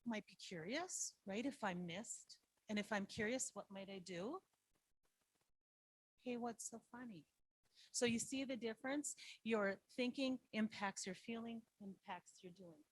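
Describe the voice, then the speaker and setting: A woman's voice: medium pitch, normal speed, husky. A woman, a school social worker, giving a presentation to foster parents and quizzing her listeners with frequent "right?". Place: online meeting.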